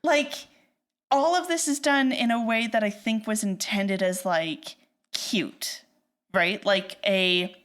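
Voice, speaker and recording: A woman's voice: on the high side, measured pace. A woman co-hosting a film podcast, ranting animatedly in casual chat, with lots of "like" and acted-out quotes. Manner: animated ranting, heavy use of "like", acts out quoted lines. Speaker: podcast co-host.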